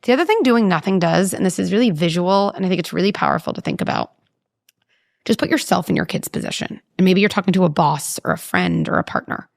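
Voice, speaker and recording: A woman talking as a parenting psychologist in an interview, animated and explaining with vivid examples. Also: fairly low pitch, fast, vocal fry, no echo, clean studio sound. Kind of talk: conversational interview.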